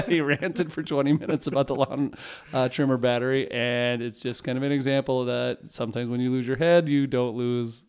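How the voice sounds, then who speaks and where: Man, forties, smooth resonant voice, casual storytelling, rambling, self-mocking. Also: medium pitch, darkish tone. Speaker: podcast guest.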